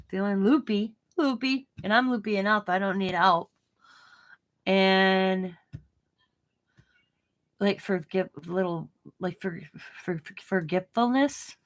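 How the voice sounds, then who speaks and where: Chatting casually as she crafts on her channel, a woman talks in a medium-pitched, fairly bright voice. She tends to ramble, giggle a lot, repeat herself, and stutter a little.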